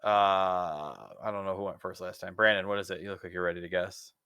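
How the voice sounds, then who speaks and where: Low-voiced, smooth male podcast host. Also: brisk, no echo, clean studio sound. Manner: relaxed, runs the segments. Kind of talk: casual podcast chat.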